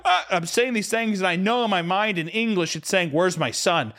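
A drunk man telling a comic podcast story in a rambling, profane way, now and then breaking into shrill screams for a bit. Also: animated, normal speed, hardly any pauses, bright, forceful tone. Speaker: podcast co-host. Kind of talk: comedic storytelling.

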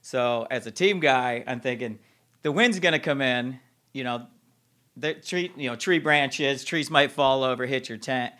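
Guy with a bright voice, joking around, casual chat. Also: mid-range voice, unhurried. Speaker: guest, former Navy SEAL.

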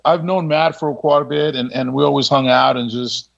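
Gravelly-voiced veteran telling a story. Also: male voice, mid-range voice, steady tone, moderate pace, a bit bright, lo-fi sound. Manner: laid-back, laughing, full of quoted dialogue. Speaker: military veteran guest. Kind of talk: casual storytelling interview.

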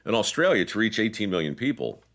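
A man's voice: lowish voice, big pitch swings, quick pace, a bit bright. A middle-aged man in casual podcast chat, telling stories with laughter and mimicked voices. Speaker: podcast co-host.

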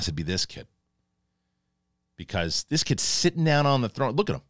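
Male host for a TV recap, lower voice, big swings in pitch, dry close sound, casual cursing. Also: moderate pace, long pauses, dry recording. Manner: excitable, swears casually, acts out scenes in quotes. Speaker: TV review show host. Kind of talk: animated spoiler review talk.

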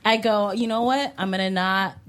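A woman's voice: mid-range voice, moderate pace. A woman chatting casually, telling a story with quoted voices, laughing and swearing for emphasis.

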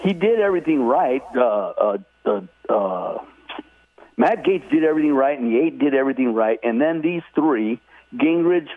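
A man's voice: fairly high pitch, animated, fairly quick. Indignant male caller on a tinny phone line. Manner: rambling, full of fillers, indignant. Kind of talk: call-in talk.

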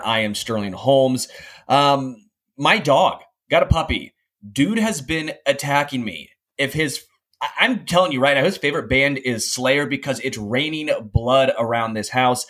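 A man's voice: mid-range voice, fairly bright tone. A young man co-hosting a sports podcast, cracking puns and joking about himself in casual chat. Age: young adult. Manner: joking, self-mocking puns. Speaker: podcast co-host.

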